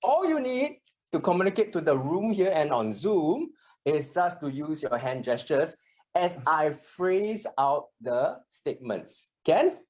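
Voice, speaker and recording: A public speaking trainer teaching a workshop in a meeting room that is also streamed to a video call, animated and acting out example sentences. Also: medium pitch, a little slow.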